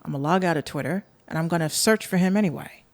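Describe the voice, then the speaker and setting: A Bronx-born woman with a fairly low voice and a New York accent talks quickly on a dry recording. As a podcast host, she rants casually, blunt, profane and sarcastic, addressing her listeners directly.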